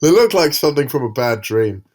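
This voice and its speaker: A man's voice: mid-range voice, big pitch swings, fairly quick, darkish tone. A man co-hosting a podcast in casual chat, rambling and hesitant as he describes things. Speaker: podcast co-host.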